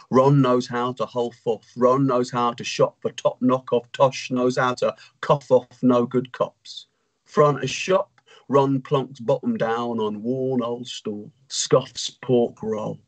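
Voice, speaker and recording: A man on a video call performing a comic poem, delivering it slowly and deliberately. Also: mid-range voice. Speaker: poet performing. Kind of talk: performance poetry reading. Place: home.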